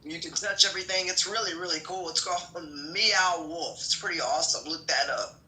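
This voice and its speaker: Woman, group call, enthusiastic describer, bright tone, echoey room. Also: on the low side, brisk. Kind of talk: casual group chat. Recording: echoey connection, cutting out.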